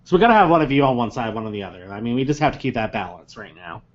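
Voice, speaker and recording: A man running a tabletop game as game master, talking casually with many quick restarts. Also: medium pitch, muffled recording. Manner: stammering restarts, animated.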